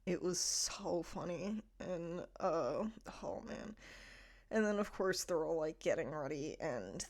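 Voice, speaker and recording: A young woman talks through a TV episode in a loose, chatty way, her voice sitting a little low. She laughs easily and strings her thoughts together with plenty of "like." She sounds relaxed and conversational, as if catching up with a friend. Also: slow. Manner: chatty, laughs often, many "like" fillers. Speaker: TV episode reviewer. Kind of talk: casual chat.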